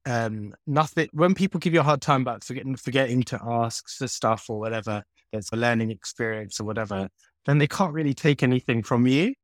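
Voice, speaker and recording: A man co-hosting a casual medical podcast, talking in a relaxed, reflective way and joking around. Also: medium pitch, a little fast, no echo, clean studio sound. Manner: relaxed, reflective, playful with voices. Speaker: podcast co-host, doctor. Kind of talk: casual chat.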